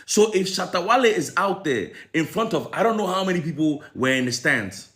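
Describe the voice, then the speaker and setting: A man's voice: fairly high pitch, animated, fairly quick, a bit bright. A young man with a Ghanaian accent tinged with American, ranting in an opinion commentary full of rhetorical questions. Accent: Ghanaian with some American. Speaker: commentary vlogger.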